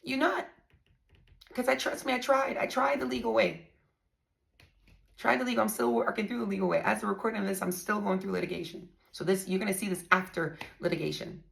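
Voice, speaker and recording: A woman's voice: medium pitch, fairly quick, vocal fry, fairly bright tone. A woman talking casually to her viewers, blunt and profane, telling a story with strong emphasis.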